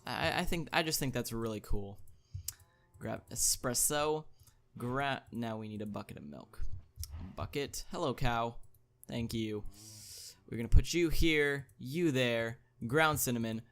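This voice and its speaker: A man hosting a gaming video, thinking aloud as he plays, chatty, with excited interjections. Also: medium pitch, slow pace. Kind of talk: casual gameplay commentary.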